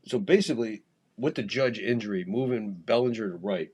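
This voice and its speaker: A man's voice: on the low side, fairly quick, darkish tone, slightly rough. A man hosting a podcast and calling a baseball game live, in a profane, rambling, jokey way. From United States. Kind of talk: casual live game commentary.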